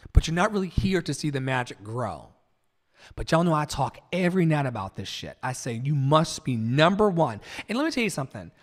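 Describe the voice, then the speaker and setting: A man from Virginia hosting a livestream, delivering an impassioned, preachy monologue with sudden loud outbursts and soft asides. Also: a little high, in a large hall. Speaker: livestream host.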